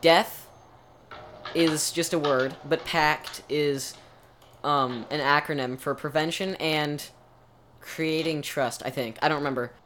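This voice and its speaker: A man's voice: a little high, steady tone, slow pace, fairly bright tone, slight background noise. A man co-hosting a podcast, chatting casually and rambling through explanations with many restarts. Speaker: podcast co-host. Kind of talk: casual chat.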